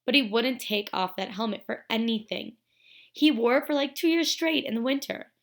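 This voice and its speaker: A woman's voice: fairly high pitch, lively intonation, normal speed, voice pushed up. A woman reading aloud and voicing a teenage girl who talks in an offhand, casual way.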